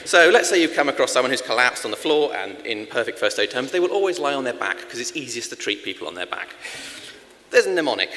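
A man gives a brisk lightning talk with playful, deadpan asides. His bright voice rises and falls a lot. A long conference-hall reverb trails each phrase. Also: medium pitch. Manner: jokey, quick asides, lively delivery. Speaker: lightning talk speaker, first aid trainer.

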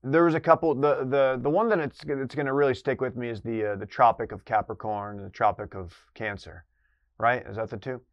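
A man's voice: medium pitch, steady tone, brisk, no room sound, highs cut off. A man competing in a comedic quiz, rambling through guesses with sarcastic asides. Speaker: quiz contestant. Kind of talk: casual comedic quiz banter.

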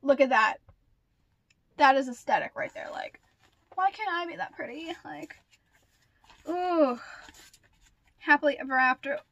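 A young woman vlogger chatting casually through an unboxing, gushing and excitable with lots of gasps and fillers. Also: sits high, a little slow, gravelly, pauses often, no echo, dull audio.

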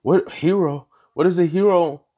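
A man voicing a frightened young boy hero who pleads and cries in a high, strained voice. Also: normal speed, mellow, slightly rough. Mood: tearful.

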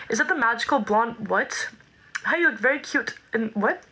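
A young woman with a bright, forward voice pitched a little high chats casually on a livestream. She reads comments aloud and greets viewers by name in a loose, chatty way. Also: animated, normal speed, breathy edge, poor audio. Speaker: livestream host.

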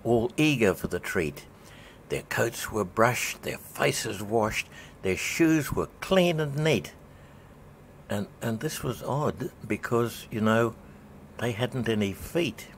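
Man, low voice, gravelly, storybook poem reading, measured rhythmic verse. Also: a little hiss or hum. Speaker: narrator.

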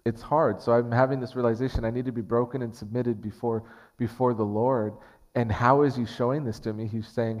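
Preaching in a church sanctuary, a man with a steady, darkish, mid-range voice speaks fairly quickly. His sermon is earnest and conversational, full of restarted phrases, and long reverb fills the hall.

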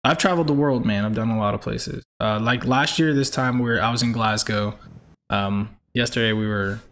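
A man's voice: fairly low pitch, normal speed, fairly bright tone, a little hiss or hum. Chatty streamer man. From Georgia, US. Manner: upbeat, chatty, reads out viewer names. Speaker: game streamer. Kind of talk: live-stream chat while racing.

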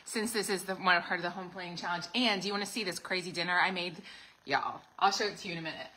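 A woman's voice: fairly low pitch, quick pace, background noise. A middle-aged woman, chatting to viewers on a livestream while she cleans out her fridge, full of asides and fillers. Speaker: home organizing vlogger. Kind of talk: casual livestream chat. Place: home kitchen.

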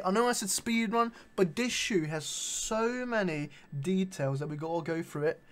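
Young dude, high voice, chatty vlog banter, swears a lot. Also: male voice, moderate pace, few pauses. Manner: animated slangy banter with frequent swearing. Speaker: vlogger. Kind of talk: casual chat showing his shoe collection.

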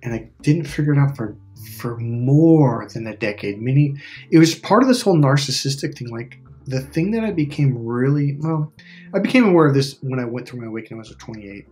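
A man's voice: mid-range voice, expressive, fairly quick, a little mellow, soft background music. A middle-aged man, a spiritual life coach, telling a long personal story in a rambling, casual way, swearing now and then and acting out what other people said. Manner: rambling, profane, restarts often, voices other people in his story.

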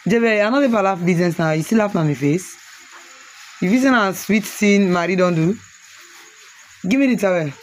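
A woman from Sierra Leone with a Krio accent, vlogging outdoors in a family compound on a handheld phone. She teases with quick questions and also explains things. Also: medium pitch, a little hiss or hum. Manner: teasing, rapid questioning, then explaining. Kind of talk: casual vlog talk, teasing and touring.

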